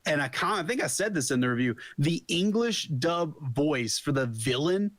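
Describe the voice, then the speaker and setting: A man's voice: a little high, animated, moderate pace, a bit bright, dry recording. A man co-hosting a casual podcast, blunt and swearing heavily. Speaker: podcast co-host. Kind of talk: casual chat.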